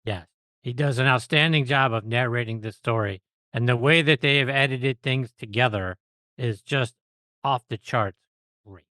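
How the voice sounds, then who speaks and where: A man's voice: mid-range voice, moderate pace, sharp tone, dry recording. A man hosting a casual podcast, chiming in with short supportive remarks. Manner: brief supportive interjections. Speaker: podcast host.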